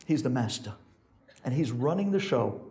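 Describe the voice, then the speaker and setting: A man's voice: big pitch swings, moderate pace, dark tone. A man, a rabbi, telling a sermon story and acting out each character's voice. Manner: acts out characters with big pitch swings.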